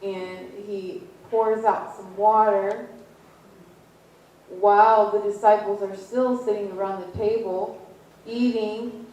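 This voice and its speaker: A woman preaching a sermon, retelling a story slowly with repetition and pointed questions to the congregation. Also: medium pitch, fairly even intonation, mellow, lo-fi sound. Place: church. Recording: echoey room, distant mic.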